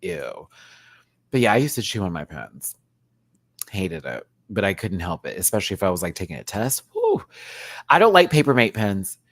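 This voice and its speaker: A man in his thirties reviewing a drag show in casual chat, telling stories with lively swearing and sudden squeals of laughter. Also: on the low side, a little fast, dry recording. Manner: animated storytelling, swears freely, bursts into laughter and squeals.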